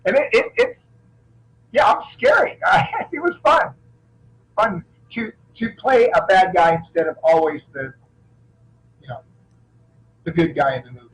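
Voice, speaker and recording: Middle-aged man, action actor guest, high and very animated in pitch, chatty storyteller who often restarts his lines. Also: a little slow, long pauses, rough recording. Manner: animated anecdotes, frequent restarts. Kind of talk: casual interview storytelling.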